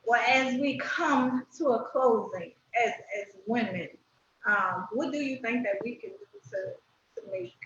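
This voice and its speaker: A woman's voice: a little high, lively intonation, measured pace, fairly bright tone. A woman hosting a podcast, asking curious, encouraging questions in a casual interview. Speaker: podcast host. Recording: dull, echoey, distant with faint noise.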